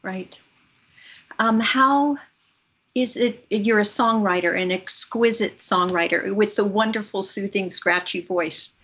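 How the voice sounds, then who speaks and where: A woman interviewing a guest, asking slow, affirming questions. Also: medium pitch, fairly bright tone, slightly rough. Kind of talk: interview conversation. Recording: dull lo-fi recording.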